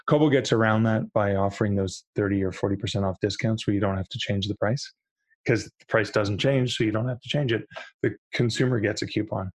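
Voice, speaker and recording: Husky-voiced man chatting animatedly. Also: on the low side, brisk, no echo. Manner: animated, acts out quoted voices, frequent restarts. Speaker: podcast guest, publishing industry veteran. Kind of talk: casual podcast conversation.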